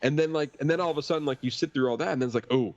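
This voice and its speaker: A man chatting casually on a podcast in a measured, laid-back way, sometimes critical. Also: a little high, no echo. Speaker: podcast panelist. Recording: dry, dull lo-fi mic.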